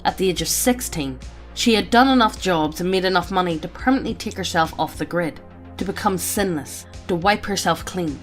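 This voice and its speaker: A woman's voice: fairly low pitch, fairly quick, soft background music. A woman reading out a character backstory among friends, often breaking into laughter. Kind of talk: reading a backstory aloud with banter.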